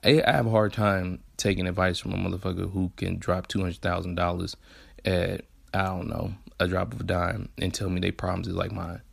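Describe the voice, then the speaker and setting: Deep gravelly Southern man podcasting. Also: level tone, fairly quick. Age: 20s. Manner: laid-back, candid, slangy and profane. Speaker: podcast host. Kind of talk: casual solo podcast monologue.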